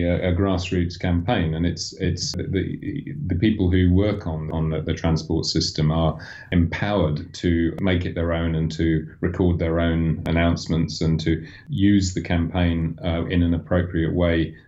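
Deep dark-voiced guy guesting on a podcast, stammery starts, muffled dull sound. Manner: halting, stammering starts, then steady explanation. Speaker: advertising agency guest. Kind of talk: casual conversational interview.

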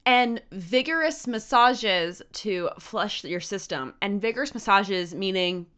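A woman co-hosting a podcast, telling a dark story in a casual, profane, jokey way. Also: mid-range voice, lively intonation, measured pace, smooth.

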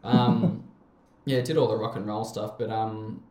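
A man's voice: on the low side, flat delivery, unhurried, mellow, reverberant. A young Australian man with an Australian accent, telling rambling stories in casual chat, swearing and laughing often.

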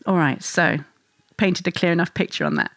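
A mother speaking to listeners about parenting stress in a gentle, reassuring, conversational way. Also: lowish voice, wildly swooping pitch, normal speed, gravelly, no room sound. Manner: gentle and reassuring, acts out stressed inner thoughts. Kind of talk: reflective talk to listeners.

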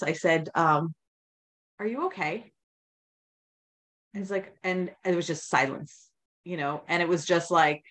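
A woman with a somewhat low voice speaks as a podcast guest. She tells her personal story candidly, looping back through restarts and acting out her own inner thoughts as she goes. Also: fairly bright tone. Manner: rambling, with many restarts and quoted inner thoughts.

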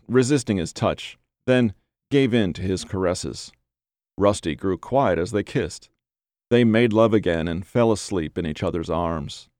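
A man reading a story aloud as narrator, with measured, deliberate phrasing. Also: fairly low pitch, darkish tone, no room sound, clean studio sound.

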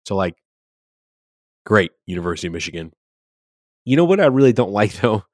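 Deep-voiced, profane sports podcast guy. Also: a little fast, no echo, studio quality. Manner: animated, profane, swears freely. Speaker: podcast co-host. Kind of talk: casual sports chat.

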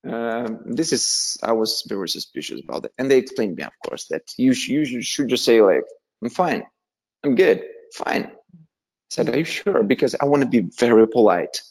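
A man's voice: medium pitch, moderate pace. A young man from Russia with a Russian accent, telling stories as an interview guest and acting out quoted voices. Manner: animated, acts out quoted voices, laughs often. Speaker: guest, musician. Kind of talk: casual storytelling.

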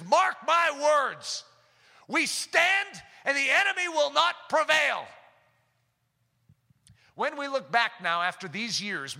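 A man preaching a sermon who builds to impassioned, shouted prayer. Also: high voice. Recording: long hall reverb.

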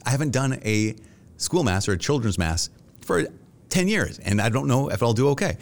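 Middle-aged priest guy, really low voice, earnest and thoughtful, acts out his own inner thoughts. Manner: earnest and reflective, with animated self-quotes. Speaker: Catholic priest guest. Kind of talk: conversational interview answers.

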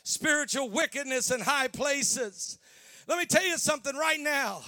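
A man preaching a sermon in a fiery revival style, shouting and drawing out his lines. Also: very high voice, animated, moderate pace, no echo.

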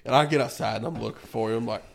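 A man's voice: medium pitch, quick pace, creaky. A laid-back man telling casual stories on a podcast, laughing as he goes. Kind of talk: casual storytelling.

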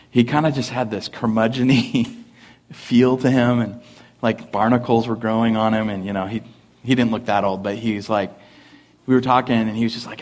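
A young adult man, a pastor, preaching a sermon at a church service, mixing lively family stories and laughter with earnest points. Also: mid-range voice. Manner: animated, laughing storyteller who then turns earnest. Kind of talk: sermon with humorous storytelling.

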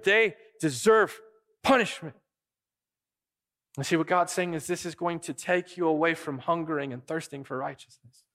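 A man preaching a sermon on a Bible passage, animated, often acting out imagined voices in a raised pitch. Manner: animated, acts out quoted voices in higher pitch. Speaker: pastor.

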